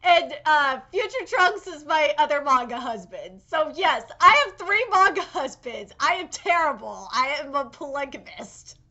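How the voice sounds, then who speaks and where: A young woman giving excited live reaction commentary on an anime episode, gushing and swearing freely with squealing outbursts. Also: high-pitched, measured pace, few pauses, muffled recording.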